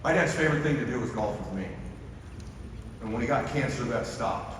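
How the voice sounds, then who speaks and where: A man's voice: medium pitch, expressive, a little fast. Emphatic man speaking in an echoey hall. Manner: emphatic, repeats key phrases. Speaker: motivational speaker. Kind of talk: motivational stage speech. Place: large hall with a live audience. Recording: echoey hall, from far off, with ambient noise.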